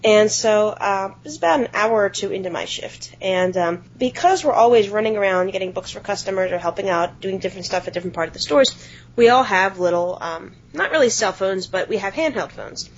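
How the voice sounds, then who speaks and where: A woman co-hosting a podcast, telling a workplace anecdote in a casual, animated way with some offhand swearing. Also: medium pitch, brisk, slight background noise. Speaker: podcast co-host. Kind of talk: casual storytelling chat. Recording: dull lo-fi podcast audio.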